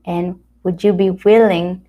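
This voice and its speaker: A woman from America, giving a motivational talk full of personal anecdotes, acting out what people said and sometimes dropping to a soft whisper. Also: on the low side, a little slow. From Latin America. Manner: animated storyteller acting out quoted dialogue. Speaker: speaker at a wellness retreat center.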